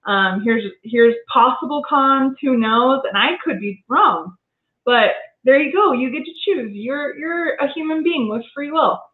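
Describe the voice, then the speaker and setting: A woman's voice: high voice, a little slow. A woman talking earnestly in a casual conversation, reflective and prone to restarting her sentences. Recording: tinny phone-line sound in an echoey room.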